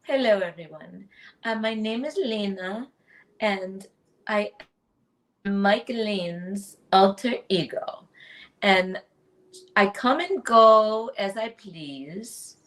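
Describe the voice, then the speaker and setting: A woman playing a prim, sociable alter ego who speaks in a made-up accent that is hard to place. She lays out her hobbies in a slow, unhurried, formal way, as if reading a personal ad, and keeps an even pitch.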